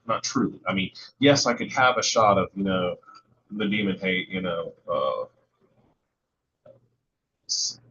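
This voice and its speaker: A man joining a livestream as a guest, talking slowly and haltingly with many restarts. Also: on the low side, fairly bright tone. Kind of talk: casual livestream chat. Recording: dull lo-fi line with faint noise.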